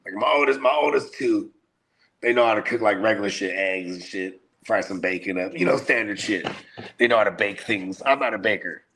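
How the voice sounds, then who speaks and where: A man's voice: lowish voice, a little fast, fairly bright tone. A middle-aged man, a podcast host, telling stories in loose, profane casual chat. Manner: profane, laid-back storytelling.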